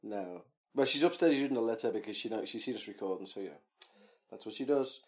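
A man's voice: lowish voice, quick pace, a little mellow. A man co-hosting a podcast, chatting casually and joking through ranting tangents. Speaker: podcast co-host. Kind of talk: casual chat.

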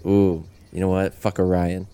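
A man's voice: sits low, flat delivery, moderate pace, warm tone, a little hiss or hum. A man playing a tabletop game, talking brashly, swearing often and laughing. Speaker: player.

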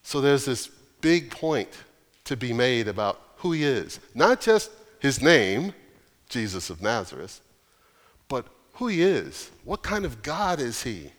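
A male pastor preaching an earnest, emphatic sermon with deliberate pauses. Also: medium pitch, sing-song, big-room sound.

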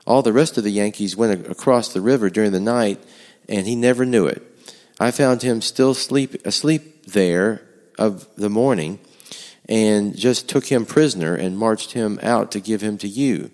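Man doing a hot-tempered townsman, raised pitch. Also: normal speed, close to an everyday voice. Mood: eager. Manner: shouting, worked-up indignation. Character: excitable male townsman captor, hot-tempered. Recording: long hall echo.

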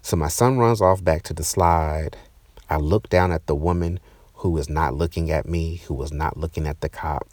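A man telling a personal story in an intense, emotional way, often halting and repeating words. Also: very deep voice, a little mellow, dry recording.

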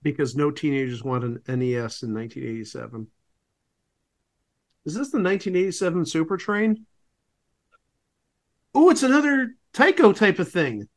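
A man's voice: on the high side, normal speed, long pauses. A man co-hosting a podcast, making wry, rambling comedic asides about an old TV broadcast. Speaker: podcast co-host. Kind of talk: casual comedic commentary.

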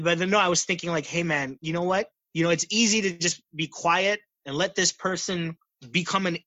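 A man's voice: on the high side, pushed and bright, dry recording. A young man telling stories in a casual, earnest talk, acting out the quoted exchanges. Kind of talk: casual conversational storytelling.

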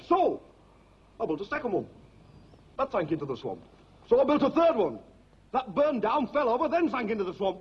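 Picture a blustering, bossy old castle lord scolding his son. His voice sits high and husky, and it swings wildly up and down. The sound is a dull, lo-fi film clip. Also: heavily acted. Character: blustering older male castle-lord father. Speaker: king in a film comedy.

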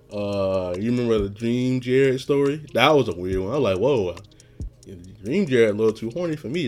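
A man hosting a podcast, telling stories in a casual, rambling monologue, often laughing and getting loud and animated when retelling something that angered him. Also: on the low side. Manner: rambling, laughs often, frequent "you know what I'm saying".

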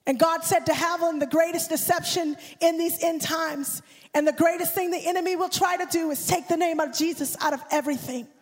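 A woman preaches a fervent sermon as a guest speaker, her voice very high as it climbs into shouts and a sung, rhythmic cadence. Long reverb from the church hall trails behind every phrase of her handheld-mic delivery. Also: steady tone, fairly quick. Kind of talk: impassioned sermon. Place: church sanctuary. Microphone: handheld microphone.

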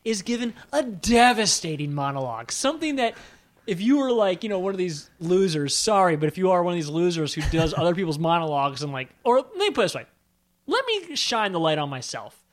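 A man chatting casually about a film, animated and prone to digressions and self-deprecating asides. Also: high-pitched, brisk.

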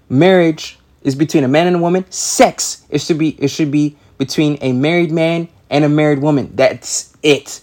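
A male pastor preaching a sermon with a fairly high voice. He speaks emphatically, stammers and repeats phrases, and reads scripture in old-fashioned wording. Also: a little mellow.

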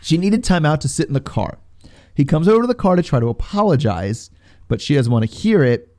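A man's voice: a little high, sing-song, brisk, mellow. A man co-hosting a casual podcast, rambling through a recap of a reality show episode. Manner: rambling, retells scenes with quoted voices. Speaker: podcast co-host.

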